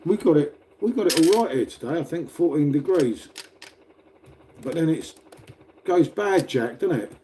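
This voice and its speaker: Pria Inggris santai, suara agak tinggi namun gelap. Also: male voice, on the high side, expressive, normal speed, long pauses, warm tone, slight background noise. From Britain. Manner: rambling, laughing, swearing, talking to viewers. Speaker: livestreamer reading chat. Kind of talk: casual live chat. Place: indoors at home next to a radiator.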